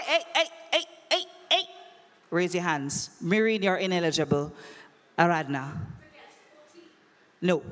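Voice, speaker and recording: Woman, conference emcee, playful, dramatic, long hall reverb. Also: medium pitch. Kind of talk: live event hosting, audience quiz.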